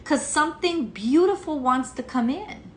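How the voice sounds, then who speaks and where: A woman's voice: sits high, animated, measured pace, roomy sound, slight background noise. A woman giving a casual tarot reading, frank and emphatic, swearing freely. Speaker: tarot reader.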